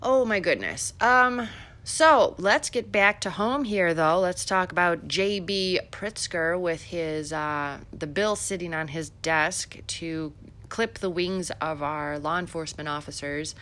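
A woman's voice: on the low side, measured pace, a bit bright, slight background noise. A middle-aged woman from Illinois hosting a podcast, giving chatty, sarcastic political commentary with many fillers. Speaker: podcast host.

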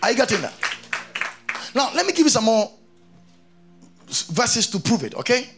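A man preaching a sermon, reading scripture aloud and keeping on questioning his congregation in an animated way. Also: very high voice, normal speed, over music. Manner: reads scripture aloud between explanations.

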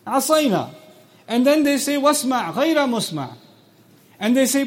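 A man's voice: high voice, big pitch swings. A man lecturing on scripture, explaining words and quoting short Arabic passages, who asks his listeners questions and acts out quoted speech. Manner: recites Arabic quickly between English explanations. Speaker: Quran teacher.

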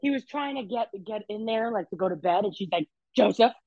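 Lively woman with a lo-fi, dull sound. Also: mid-range voice, fast talker, no room sound. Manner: expressive, bouncy, laughs a lot. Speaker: podcast guest. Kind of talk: casual chat.

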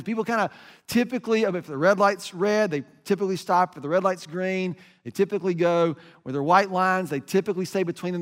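An American man delivers a sermon as a lively story, his voice pitched fairly high for a man. He talks with emphasis and keeps stumbling into restarts. A long hall reverb trails his words. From United States. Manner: animated, emphatic, many restarts.

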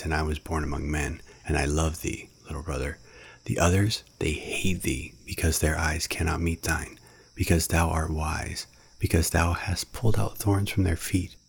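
A man voicing a proud, tender male black panther in a low, grave storybook voice. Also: fairly even intonation, normal speed, gravelly, slightly rough, exaggerated voice.

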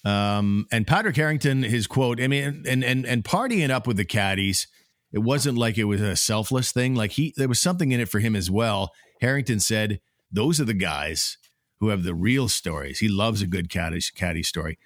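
A man's voice: lowish voice, normal speed, no echo, studio quality. A man hosting a casual sports podcast, talking in an easygoing way with many fillers. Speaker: podcast host.

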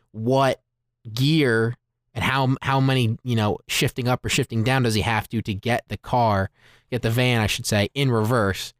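A man co-hosting a movie podcast, recounting scenes with lively, chatty energy and plenty of "like." His voice is smooth and resonant. The close recording is dry, with no room sound. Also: medium pitch, no echo. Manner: animated storyteller, retells scenes with lots of "like". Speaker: podcast co-host, movie reviewer. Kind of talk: casual podcast discussion.

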